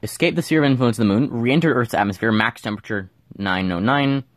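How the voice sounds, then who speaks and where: A man's voice: mid-range voice, fast, dry recording, studio quality. A man giving casual gameplay commentary, thinking aloud and mumbling with fillers as he plays at home. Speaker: gameplay streamer.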